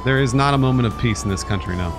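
Ranting male game streamer, lively pitch. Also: rapid-fire. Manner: exasperated, sarcastic ranting. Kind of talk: live gameplay commentary. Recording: game noise and sirens behind voice.

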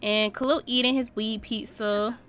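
Smooth and fairly high-pitched at a normal speed, a young Sims let's-play host chats about her life-sim gameplay. Her commentary is slangy and animated, full of reactions and laughter at the on-screen action.

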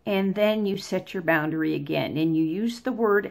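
A woman's voice: on the low side, unhurried, creaky. A woman hosting a vlog, giving advice in a casual, conversational way. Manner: conversational, plain-spoken, acts out examples. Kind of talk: casual explanatory talk.

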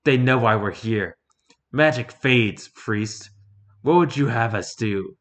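Man doing a slow, taunting oni demon. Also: mid-range voice, lightly acted. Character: mocking male oni demon.

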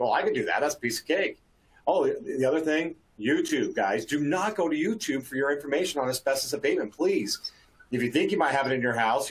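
A man's voice: mid-range voice, a little hiss or hum, poor audio. A man who works in asbestos abatement, talking in an exasperated, ranting way with many restarts. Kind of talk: casual panel discussion.

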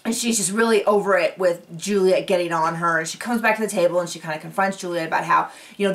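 A woman's voice: fairly low pitch, quick pace, few pauses, distant mic. A woman talking through a reality TV episode in a casual, rambling way, full of asides, recorded at home. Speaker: reality TV recap vlogger. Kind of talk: casual chat recap. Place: home on a cattle ranch. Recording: voice set back from the mic.

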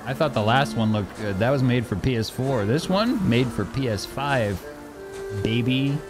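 A young man streaming a video game live, joking, laughing often and reacting loudly to the story. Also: medium pitch, animated, moderate pace. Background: game audio and music.

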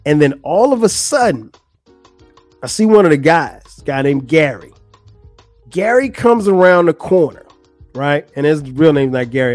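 A man hosting a podcast, telling a funny story in a casual way and acting out the people he quotes. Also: no room sound. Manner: animated, acts out quotes with rising pitch. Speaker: podcast host.

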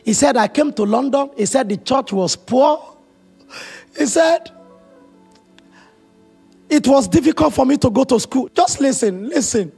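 A man preaching a sermon as pastor, telling stories with emotional, animated quoted dialogue. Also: extremely high pitch, unhurried, vocal fry, long pauses, slightly rough, faint music behind.

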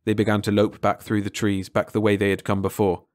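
A man narrating a short science fiction story aloud in a measured way, slowing on key phrases. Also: fairly low pitch, completely flat delivery, no room sound, clean studio sound. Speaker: audiobook narrator.

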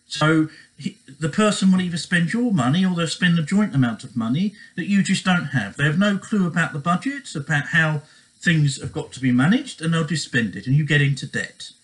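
A man's voice: fairly high pitch, lively intonation, brisk, poor audio. A man giving relationship advice in a casual monologue, earnest and repetitive, often checking in with "okay?".

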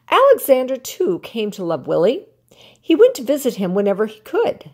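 An older woman, a grandmother, reading a children's picture book aloud in an expressive, animated way. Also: on the high side, normal speed, breathy edge. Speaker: storyteller grandmother.

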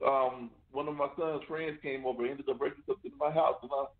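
A man's voice: mid-range voice, steady tone, fairly quick, creaky. Man talking casually over a phone line. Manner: conversational, repeats "you know what I'm saying". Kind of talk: casual radio talk.

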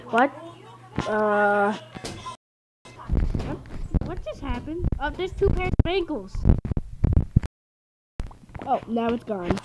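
A woman giving casual gameplay commentary, excitable, often yelling and taunting at the game. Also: high voice, a little hiss or hum, poor audio. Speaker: gaming video host.

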